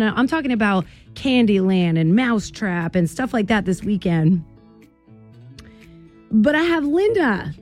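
A woman's voice: on the high side, a little mellow. Bubbly woman radio host. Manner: bubbly, laughs often, talks straight to listeners. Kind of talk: morning radio chat. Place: radio studio.

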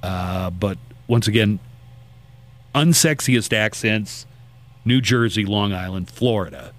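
A man's voice: fairly low pitch, takes it slowly. A man hosting a call-in radio talk show, chatting casually and rambling through a list.

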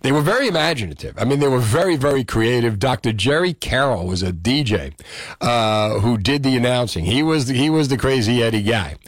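A man's voice: medium pitch, a little fast, dry recording, studio quality. A man hosting a call-in radio show, chatting and joking with listeners. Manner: lively, animated, joking with callers. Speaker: radio host.

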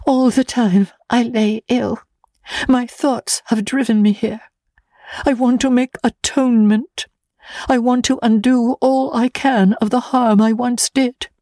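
A woman's voice: a little high, steady tone, a little slow, dark tone, no room sound, clean studio sound, close to an everyday voice. A woman reading an audiobook, voicing a frail, frightened young woman near death who speaks in a mournful, wandering, pleading way.

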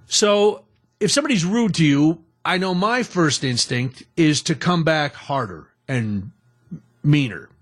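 A man's voice: a little high, expressive, measured pace, fairly bright tone. A middle-aged man hosting a talk radio show, chatting in a rambling, self-deprecating way. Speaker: radio host.

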